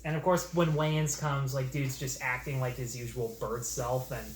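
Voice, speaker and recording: Dude co-hosting a movie chat, opinionated, kinda rambly, roomy sound. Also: male voice, mid-range voice, steady tone, moderate pace, hardly any pauses. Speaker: podcast co-host. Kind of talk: casual film chat. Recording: roomy echo, faint noise.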